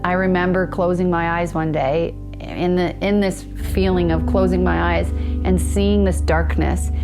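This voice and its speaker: A woman in her thirties, a podcast guest, telling a personal story in a reflective, halting way with many fillers and restarts. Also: fairly low pitch.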